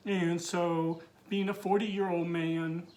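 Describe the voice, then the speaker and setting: A middle-aged man telling his personal coming-out story, teary and halting, with many fillers and restarts. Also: sits high, level tone, darkish tone.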